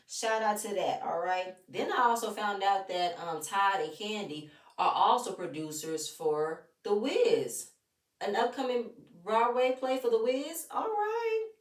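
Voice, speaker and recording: A woman recapping a reality show in casual commentary, animated and opinionated, often talking straight at the people she discusses. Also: lowish voice, distant mic. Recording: roomy echo, off-mic.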